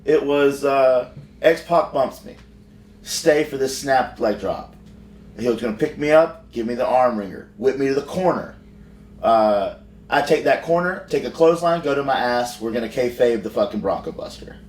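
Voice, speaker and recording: A man's voice: medium pitch, lively intonation, moderate pace. Profane man telling a backstage story. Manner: rambling, profane, frequent restarts. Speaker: professional wrestler. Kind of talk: casual storytelling on a podcast. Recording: roomy sound from far off.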